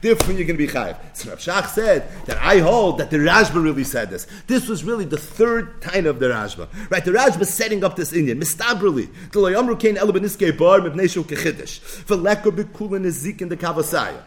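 A man giving an animated Talmud lecture, asking rhetorical questions and answering them himself. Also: high voice, a little fast, few pauses. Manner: lively, asks and answers his own questions. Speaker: Talmud teacher.

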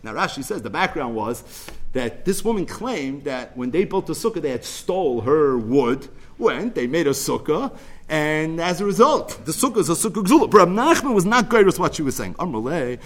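A man teaching a Talmud lecture, telling its story in an animated way. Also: a little high, normal speed.

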